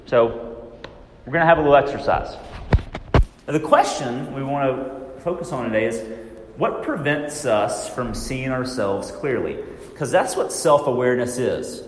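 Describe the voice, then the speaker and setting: A man giving a training talk to real estate agents in a large room, lively, often acting out worried inner voices. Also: mid-range voice, moderate pace, reverberant, in a large hall.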